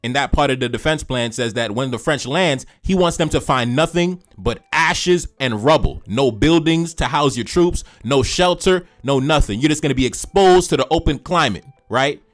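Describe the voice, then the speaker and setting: A man reading a historical document aloud, breaking off for animated, slangy asides and repeating phrases for emphasis. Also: mid-range voice, moderate pace, hardly any pauses, soft background music. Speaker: history commentator.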